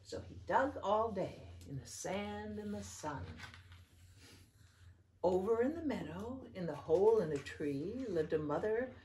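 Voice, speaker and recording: Slow, sing-song woman reading to children. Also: lively intonation, darkish tone, a little hiss or hum. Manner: sing-song storytelling, jumping high for quoted lines. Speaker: children's program facilitator. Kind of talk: reading picture books aloud to children.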